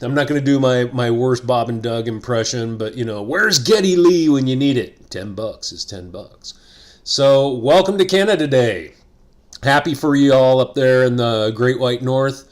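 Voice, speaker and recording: A man's voice: mid-range voice, moderate pace. A middle-aged man hosting a casual vlog monologue, rambling and joking with asides. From United States. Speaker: host.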